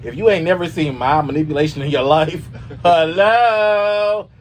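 A man hosting a casual gossip show, sassy and animated, often swooping up into high squeals. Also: fast talker, a little hiss or hum. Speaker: host.

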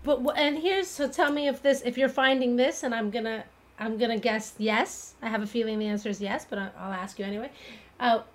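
A woman's voice: a little high, a little fast. A woman hosting a casual chat, speaking earnestly about personal experience. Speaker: host.

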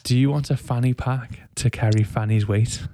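A man's voice: mid-range voice, fairly even intonation, moderate pace, warm tone, dry recording, studio quality. A man hosting a podcast, chatting casually with enthusiasm and jokes. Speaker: podcast host. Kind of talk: casual chat.

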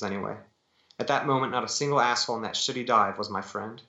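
A man, an author, reading his own novel aloud in steady, dramatic first-person narration over a video call. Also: mid-range voice. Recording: dull echoey call audio.

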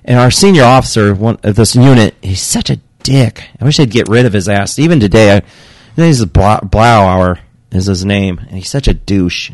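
Profane, animated man telling a story. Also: lowish voice, moderate pace, dry recording, clean studio sound. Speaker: podcast guest telling a work story. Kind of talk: casual chat.

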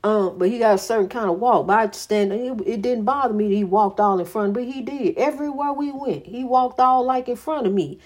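Preachy woman with a lively, high voice. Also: brisk, few pauses. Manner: repetitive, preachy, conversational storytelling. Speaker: vlogger giving relationship advice. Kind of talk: casual advice monologue.

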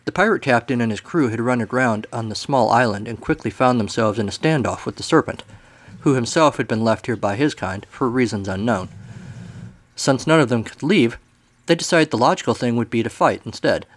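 A man's voice: medium pitch, animated, brisk. A man hosting a podcast segment, telling a comic story in a dry, wry way. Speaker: storyteller host.

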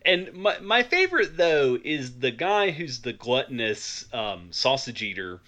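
A man's voice: medium pitch, big pitch swings, a little slow, pushed and bright. A man co-hosting a podcast, playfully recounting film scenes in casual chat, often laughing. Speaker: podcast co-host.

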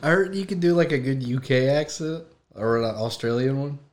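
A man's voice: medium pitch, moderate pace, a little mellow. Easygoing man who jokes and laughs easily. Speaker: podcast guest. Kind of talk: casual chat.

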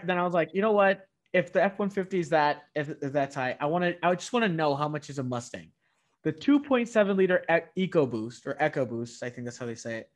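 A man with a slightly raised pitch tells a long, rambling story in casual chat. He stumbles and restarts often, then drops into a flatter voice to quote the salespeople. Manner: rambling, many restarts, quotes dealers in a flat voice. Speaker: guest telling a car story.

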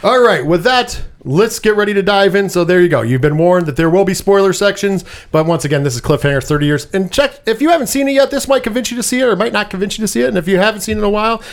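A man's voice: sits high, expressive, quick pace, hardly any pauses. A man co-hosting a casual movie review podcast, chatty and rambling, often laughing at his own jokes. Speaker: podcast co-host.

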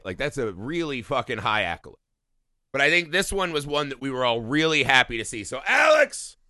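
A man co-hosting a casual film podcast, animated and joking, swearing freely. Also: mid-range voice, no room sound, clean studio sound. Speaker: podcast co-host.

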